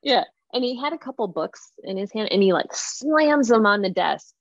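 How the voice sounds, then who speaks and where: A woman guest retelling a workplace story in casual, animated talk full of fillers. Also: fairly high pitch, normal speed, no echo. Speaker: interview guest. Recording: muffled lo-fi dry recording.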